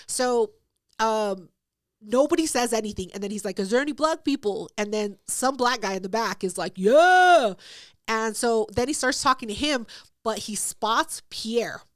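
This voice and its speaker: Animated swearing woman telling a story. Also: a little high, moderate pace, no room sound, studio quality. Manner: animated, profane, acts out quotes. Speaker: podcast co-host. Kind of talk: casual storytelling chat.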